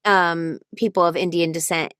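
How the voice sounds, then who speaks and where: A woman's voice: lowish voice, fairly even intonation, moderate pace, a bit bright, clean tone, no echo. Give me a dry, close-miked woman voice actor explaining her craft. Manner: thoughtful, explains at length with many restarts. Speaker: voice actor and audiobook narrator guest. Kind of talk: casual interview chat.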